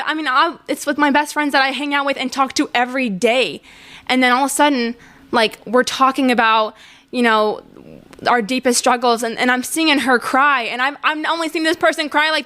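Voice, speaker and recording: A woman's voice: on the high side, a bit bright. A woman in her twenties hosting a podcast, talking in a casual, rambling way with many fillers and restarts, sometimes laughing as she speaks. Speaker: podcast host. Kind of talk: casual confessional chat.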